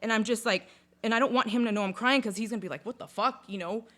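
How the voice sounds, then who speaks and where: A woman in casual conversation, telling a personal story in a lively, chatty way, with lots of "like" and some swearing. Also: on the high side, quick pace. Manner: chatty, full of "like", swears freely; lively retelling, acts out sounds and inner voices. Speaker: podcast guest.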